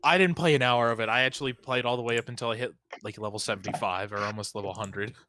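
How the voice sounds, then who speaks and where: A man's voice: mid-range voice, fairly even intonation, quick pace, noisy background. A man chatting casually at a tabletop game session, brash and swearing in banter. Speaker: player.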